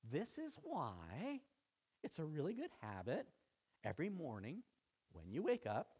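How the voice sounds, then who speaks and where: A man preaching a sermon in a conversational way, often checking in with his listeners. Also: on the high side. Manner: conversational preaching, frequent "right?" check-ins. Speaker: pastor.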